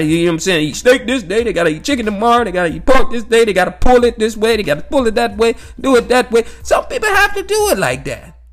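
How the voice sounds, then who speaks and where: Animated, swearing man musing aloud. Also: sits high. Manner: animated, repetitive, peppered with "you know what I'm saying". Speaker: vlogger sharing life views. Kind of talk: casual profane monologue.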